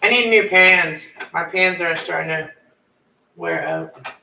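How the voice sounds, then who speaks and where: Male home-cooking vlogger, rambling and self-correcting, slightly higher voice, recorded far from the mic with a faint noise floor. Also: slow, creaky, sharp tone. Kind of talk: casual live-stream chat while cooking. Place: home kitchen. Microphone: camera set away from the stove. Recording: echoey kitchen, distant camera mic, faint noise.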